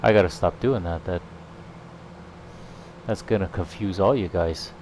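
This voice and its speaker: Low-voiced man chatting over farming gameplay. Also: measured pace, slight background noise. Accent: slips into a put-on Irish lilt. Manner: relaxed, chatty, thinking out loud. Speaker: gaming channel host. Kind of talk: casual gameplay commentary.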